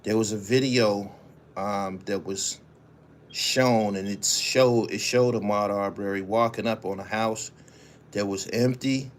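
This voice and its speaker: A man's voice: fairly low pitch, fairly even intonation, unhurried, slight background noise. A man hosting his own show, reading news stories aloud and then giving casual, profane commentary while answering viewers' chat. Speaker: show host.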